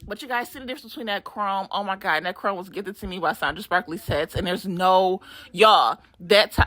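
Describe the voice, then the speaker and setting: A middle-aged woman giving a casual, animated voiceover for a nail art vlog, laughing and swearing as she chats from a room at home. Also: medium pitch, no room sound.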